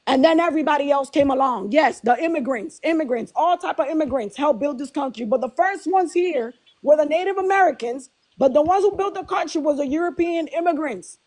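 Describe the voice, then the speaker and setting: A woman with a high voice argues indignantly on a live debate panel. She hammers her points home and repeats them for emphasis. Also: brisk, few pauses, darkish tone. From Hispanic background.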